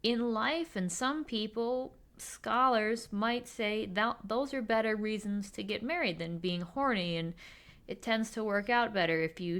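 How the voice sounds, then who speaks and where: A woman's voice: medium pitch, a bit bright. A woman giving a casual, sarcastic recap of a period drama while drawing, briefly acting out the characters. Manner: wry, sarcastic, acts out characters in quick voices. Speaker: recap host.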